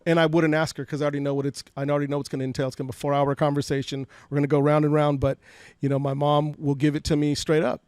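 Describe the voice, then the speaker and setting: A man's voice: on the high side, flat delivery, rapid-fire, hardly any pauses, darkish tone, dry recording. A man in his forties from Fresno, California, a podcast guest candidly telling emotional stories from his life and often repeating words as he talks. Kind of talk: personal storytelling interview. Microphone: podcast studio mic.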